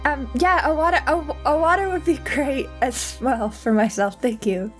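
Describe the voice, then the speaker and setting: A woman playing in a tabletop role-playing game, speaking calmly and placatingly in character. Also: sits high, moderate pace, faint music behind. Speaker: player.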